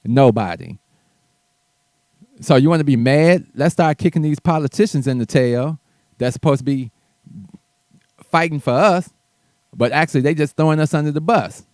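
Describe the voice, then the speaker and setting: A man's voice: on the high side, normal speed, pauses often, darkish tone, no room sound. Blunt, profane man ranting as a show host. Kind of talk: heated commentary monologue.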